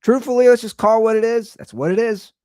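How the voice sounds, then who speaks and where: A man's voice: extremely high pitch, fast, dark tone, no echo, studio quality. A man in his thirties hosting a casual show, telling an exasperated, rambling story about his young daughters. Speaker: podcast host; father of two young girls.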